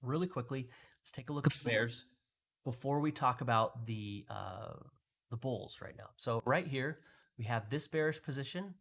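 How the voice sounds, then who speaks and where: Talking through charts in a live trading walkthrough, this host explains things casually, pointing out details and often restarting his sentences. His voice is mid-range, animated, gravelly, and fairly bright, at a normal speed.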